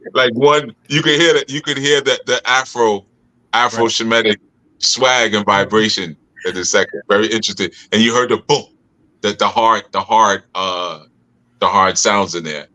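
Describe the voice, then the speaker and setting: Bright-toned man hosting a podcast chat. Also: fairly low pitch, steady tone, normal speed, low-quality recording. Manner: reflective, laughs easily, teasing.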